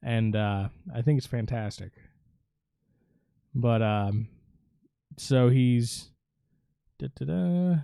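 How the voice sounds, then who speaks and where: A man's voice: medium pitch, takes it slowly, vocal fry, pauses often, mellow, clean tone, no echo, studio quality. A man streaming live, giving a casual, rambling, profane film recap with lots of fillers.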